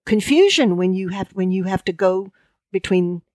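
A woman, a guest in a conversational interview, talking in halting bursts full of restarts and fillers. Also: mid-range voice, expressive, a little mellow, no echo, clean studio sound. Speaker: guest lexicographer.

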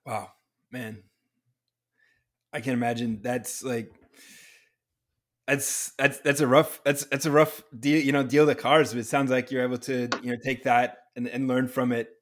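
Man, podcast host, halting and reflective, flat level delivery. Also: medium pitch. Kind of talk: interview response.

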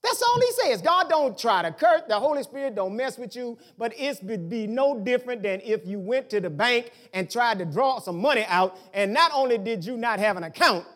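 A man preaches a sermon and talks straight to his congregation in plain everyday words. His pitch swoops and leaps with lively energy. He climbs to loud, pressing emphasis and then sinks to near-hushed storytelling. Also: normal speed, hardly any pauses. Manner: colloquial, emphatic, addresses congregation directly.

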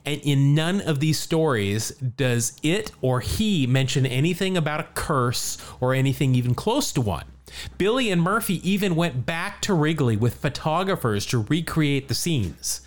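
A man's voice: a little high, lively intonation, moderate pace. A man hosting a podcast, telling a story in casual chat, jokey and chatty, laughing often. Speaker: podcast host.

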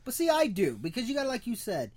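A man co-hosting a podcast in casual chat, eager and animated, laughing along. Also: very high voice, fast talker. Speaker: podcast co-host.

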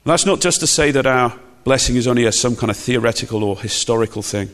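A man's voice: mid-range voice, fast talker, fairly bright tone. A man preaching a sermon, emphatic and conversational, with frequent rhetorical questions. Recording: long hall reverb.

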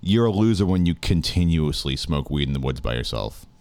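Male podcast co-host, low voice, profane rambling anecdote. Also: animated, a little fast, a little mellow. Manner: rambling storyteller, stammering restarts, profane. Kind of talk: casual chat.

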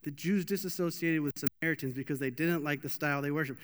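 Young man, preacher, casual joking sermon, high voice, long hall reverb. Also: very fast, few pauses, smooth. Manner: animated, joking, with many restarts. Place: church hall.

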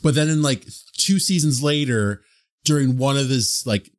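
A man chatting casually as a player in a tabletop game, telling stories in a rambling, animated way. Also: mid-range voice, normal speed.

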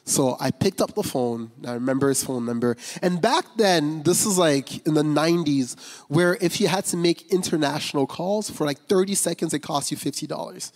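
Pastor type, male, slightly higher register, talks loosely and frankly, recorded in an echoing sanctuary. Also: normal speed, darkish tone. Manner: candid, conversational, many fillers and restarts. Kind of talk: personal testimony sermon. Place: church sanctuary. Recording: long reverb of a large hall.

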